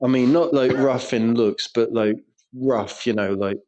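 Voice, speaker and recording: A man's voice: medium pitch, a little slow, mellow, highs cut off. An Englishman with a crude, sweary way of talking, telling school stories in casual podcast banter and laughing through them. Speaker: podcast co-host.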